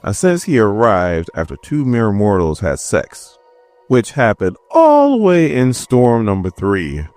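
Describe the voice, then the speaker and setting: A man's voice: lowish voice, huge pitch swings, unhurried, a little mellow, dry recording, faint music behind. A man casually recapping a comic book issue, joking and chatting directly to his viewers.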